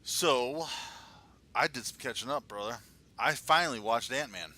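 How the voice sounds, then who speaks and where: Male podcast co-host, very bright tone, easygoing banter with loose swearing. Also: mid-range voice, moderate pace. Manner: laid-back, joking, swears casually. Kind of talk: casual chat.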